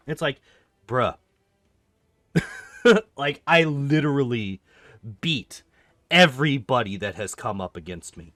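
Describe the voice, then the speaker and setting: A man's voice: mid-range voice, slow, long pauses, no room sound, clean studio sound. A young man streaming a game, ranting animatedly in casual commentary, swearing often and filling with "like". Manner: animated ranting, profane, lots of "like".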